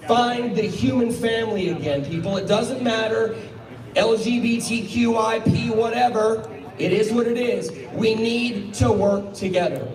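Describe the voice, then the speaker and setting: A man's voice: sits high, unhurried, music in the background. A man giving a blunt, combative outdoor rally speech. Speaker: rally speaker. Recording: echoey, from far off, crowd behind.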